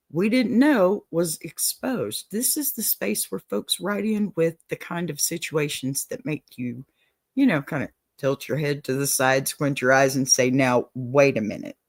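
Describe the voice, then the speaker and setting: Recorded close and dry without any room echo, this middle-pitched host from Texas speaks with a Southern accent on an advice show. The tone is relaxed and supportive, with listeners addressed as "y'all" and frequent "okay?" check-ins.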